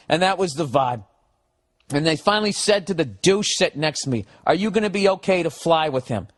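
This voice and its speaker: A man tells a story in a podcast rant, with a voice a little higher than most men's. He swears constantly, acts out the other people's lines and breaks into laughs along the way. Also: expressive, brisk. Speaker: comedian on his podcast. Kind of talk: profane comedic storytelling rant.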